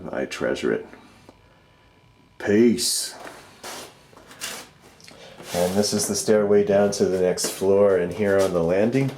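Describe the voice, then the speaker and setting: A middle-aged man walking through his house, fondly describing his art with many pauses and fillers, his voice dropping softly at the end of thoughts. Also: deep voice, slight background noise. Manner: warm, fond, many fillers, trails off softly at ends of thoughts. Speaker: vlogger giving a home art tour. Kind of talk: casual home tour narration. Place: inside his house, moving through rooms.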